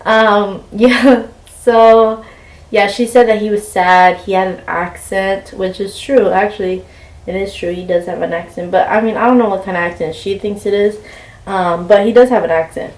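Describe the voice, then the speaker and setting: A woman's voice: medium pitch, fairly even intonation, normal speed. A young woman vlogger telling a rambling story while packing, full of fillers and "like". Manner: chatty, rambling with many fillers and "like". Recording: roomy, mic a bit far off.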